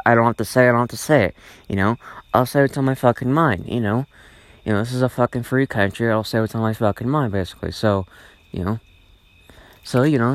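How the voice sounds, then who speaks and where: A man's voice: medium pitch, no echo. A man hosting a solo podcast, ranting in a rambling, repetitive way and swearing often. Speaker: podcast host.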